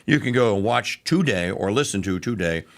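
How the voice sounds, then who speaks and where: A man hosting a morning radio and TV talk show, chatting and plugging memberships in an animated way. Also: fairly low pitch, normal speed.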